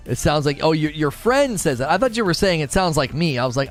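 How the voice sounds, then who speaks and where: A man's voice: a little high, sing-song, normal speed, faint music behind. A young man streaming a game, talking casually, reading chat and laughing often at his own jokes. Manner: chatty, laughs often, mocking jokey asides.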